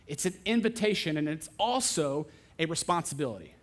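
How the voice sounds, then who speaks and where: A young adult man, a pastor, preaching a sermon and telling a story with lively, animated delivery. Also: a little high, moderate pace. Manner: animated storytelling, acting out other voices.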